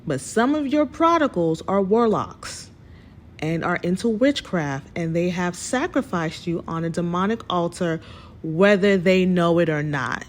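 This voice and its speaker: A woman with a fairly low voice hosts her own show, animatedly telling a personal story and addressing her listeners as y'all.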